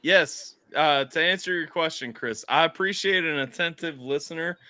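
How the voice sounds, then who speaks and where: Man, streamer host, bright tone, slightly high pitch, animated storytelling. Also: normal speed, clear, resonant tone. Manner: excited storytelling, loud bursts. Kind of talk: casual livestream chat.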